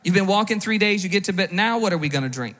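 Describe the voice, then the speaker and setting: A man's voice: high-pitched, animated, fast talker, fairly bright tone, in a large hall. A man preaching a sermon as pastor, conversational, with rhetorical questions and frequent restarts. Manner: repeats words when restarting.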